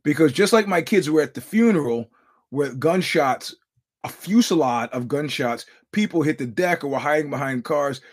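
A man's voice: a little high, lively intonation, normal speed, slightly rough. A middle-aged man hosting a podcast, telling stories in a loose, profane monologue with lots of restarts. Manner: rambling storyteller, profane, many restarts. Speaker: podcast host. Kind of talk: casual monologue.

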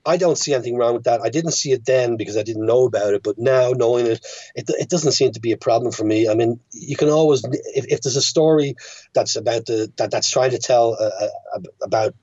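A man's voice: medium pitch, fairly quick, dark tone, husky, no echo. A man with a Dublin Irish accent, a filmmaker speaking as a podcast guest, thinking aloud and often restarting his sentences. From Ireland. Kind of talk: casual podcast conversation. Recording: dull, muffled podcast audio.

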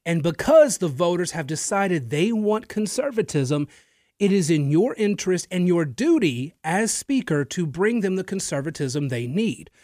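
A man's voice: high-pitched, big pitch swings, normal speed, a little mellow, dry recording, studio quality. A male radio talk show host giving an emphatic, opinionated political monologue straight to his listeners, with the odd filler and repeated word. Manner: occasional filler and repeated words. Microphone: studio microphone.

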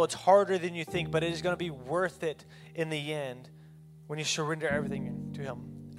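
Guy preaching a sermon, slightly high voice, earnest and pleading, guitar strumming behind. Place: church service with a worship band. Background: guitar music.

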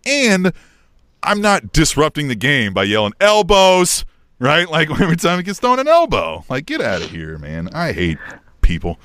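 There's no room sound around this middle-aged podcast co-host, whose mid-range voice moves at a brisk clip. Telling an animated story in relaxed conversation, he habitually ends sentences by asking "right?"

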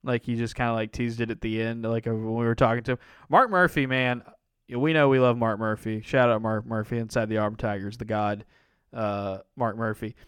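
A man's voice: mid-range voice, steady tone, fairly quick, smooth, no echo. A man co-hosting a casual sports podcast, rambling with many fillers and restarts, often laughing. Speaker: podcast co-host.

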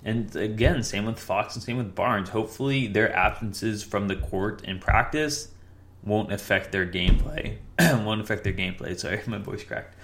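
A man's voice: on the low side, fairly even intonation, normal speed, hardly any pauses, a bit bright. A young man hosting a casual solo sports podcast, rambling and correcting himself often. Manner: rambling, self-correcting, with frequent fillers. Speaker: podcast host.

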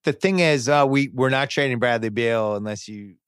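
A man hosting a sports podcast, talking casually in an animated, boastful way. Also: medium pitch, normal speed, clean tone, no room sound, studio quality.

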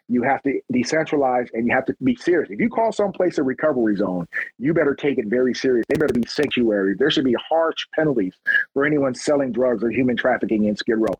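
A man's voice: medium pitch, husky, no room sound, lo-fi sound. A middle-aged man from Long Beach, a police officer telling stories in a casual interview and acting out the people he quotes. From Long Beach, California. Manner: animated storyteller who acts out quotes.

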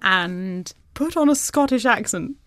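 A woman, a guest author, retelling a novel in a wry, expressive way during a casual book chat. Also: medium pitch, unhurried, no echo, studio quality.

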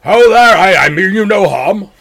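A man voicing a hearty, gruff male dwarf miner who greets strangers with a loud, booming voice. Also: animated, a little slow, heavily acted.

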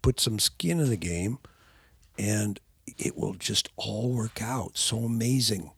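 An older man talking with his son on a podcast in casual conversation, halting with restarts and growing animated. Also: fairly low pitch, vocal fry, husky, no room sound. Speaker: podcast guest, father of the host.

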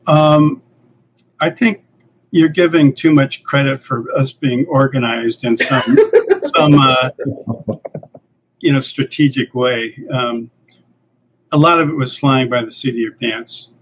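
An older man, a comics creator and editor, telling relaxed anecdotes as a guest in a casual interview. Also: medium pitch, slow pace, pauses often, husky, low-quality recording. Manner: relaxed anecdotal, acts out quoted dialogue.

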